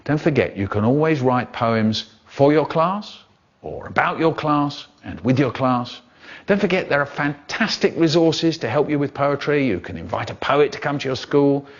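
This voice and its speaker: An older man performing poems and stories, playful and theatrical, stretching words out for effect. His pitch leaps and dips with lively expression while staying mid-range. The recording is dull and lo-fi. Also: normal speed. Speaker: poet and storyteller. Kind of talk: expressive poetry performance and talk.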